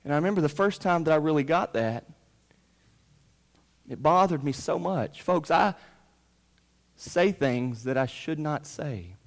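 A man in his thirties preaching a sermon, pushing loud on key points and dropping low between them. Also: lively intonation, a little slow, gravelly, long pauses. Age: 30s. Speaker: pastor. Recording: long reverb of a large hall.

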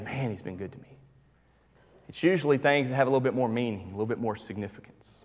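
A man in his thirties preaching a sermon in a conversational, storytelling manner with emphatic stretches. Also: medium pitch. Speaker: pastor. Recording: reverberant hall.

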